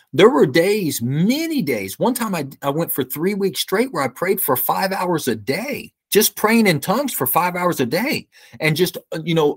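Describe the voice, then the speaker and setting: A man's voice: a little high, slightly rough. A man as an interview guest, telling his faith story in an earnest, fervent way and often repeating words as he builds a point.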